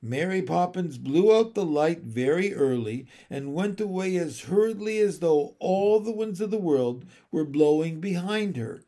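A man reading a children's storybook aloud in a measured, expressive way. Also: high voice. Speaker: audiobook reader. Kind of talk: storybook narration.

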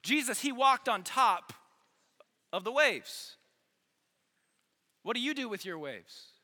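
A man preaching an earnest, energetic youth sermon, repeating phrases for emphasis, in a large church hall. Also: very high voice, takes it slowly. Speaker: youth pastor. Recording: long hall reverb.

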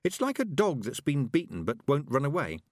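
A man's voice: medium pitch, wildly swooping pitch, fairly quick, no room sound, clean studio sound, voice pushed up. A man reading an audiobook voices a thoughtful eleven-year-old witch girl who speaks earnestly and gropes for her words. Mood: pondering.

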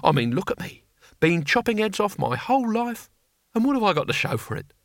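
A man voicing an ancient, weary barbarian who talks in a gruff, blunt, rambling way. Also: high-pitched, sing-song, a little fast, dry recording, clean studio sound, pitched above the performer's own voice, heavily acted. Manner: gruff, plain-spoken, rambling.

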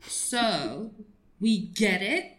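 A woman's voice: mid-range voice, animated, very slow, fairly bright tone. A woman co-hosts a casual podcast, rambling through her thoughts and laughing often. Her voice has a roomy echo around it. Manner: giggly, rambling, lots of "like". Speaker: podcast co-host. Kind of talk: casual chat.

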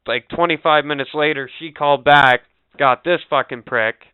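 A man from Canada tells a long profane story in a casual podcast, voice very smooth and clear though thin and phone-like. He acts out every person he quotes in an animated way. The sound is dry, with no room around it. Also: a little high, moderate pace, no echo. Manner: animated, swears constantly, acts out quoted people. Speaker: podcast co-host. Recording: tinny phone-like audio.

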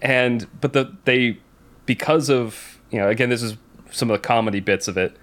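A man's voice: mid-range voice, moderate pace, a bit bright. A man in casual chat, retelling a film's story in a rambling way with many fillers and restarts.

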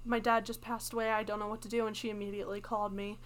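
A woman's voice: mid-range voice, level tone, racing. A young woman co-hosting a casual podcast chat, telling a story in a chatty way and laughing easily. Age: young adult. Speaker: podcast co-host.

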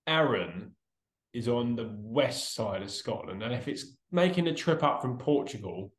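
A man's voice: medium pitch, expressive, unhurried, echoey room. A man co-hosting a casual podcast, dry and sarcastic, swearing casually and reasoning aloud through quiz answers. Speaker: podcast co-host. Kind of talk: casual chat.

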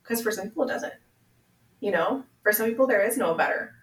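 A woman's voice: mid-range voice, animated, fairly quick, far from the mic. A young woman from Washington State, a podcast guest speaking earnestly and from the heart, with lots of "like" fillers. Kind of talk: candid conversation. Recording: roomy sound, a bit off-mic.

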